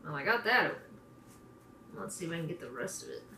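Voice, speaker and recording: Woman vlogging her craft project, chatty and self-deprecating, bright tone, echoey room, a bit far from the mic. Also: lowish voice, sing-song, fast talker, gravelly, slight background noise. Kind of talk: casual chat while crafting. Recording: roomy, from a distance.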